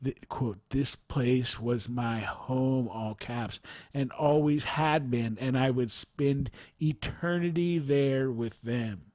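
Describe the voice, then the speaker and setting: A man slowly reading aloud a first-person account, even saying the punctuation marks. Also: mid-range voice, no echo, clean studio sound. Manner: slow, earnest reading that reads out punctuation. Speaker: narrator reading a near-death account. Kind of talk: reading a written testimony aloud.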